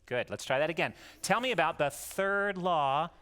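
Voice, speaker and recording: This father's voice sits on the high side, lively in intonation and pushed and bright, moving at a moderate pace with hardly any pauses. Goofy and jokey, he homeschools his young daughters, coaxing them to repeat words and cracking jokes along the way.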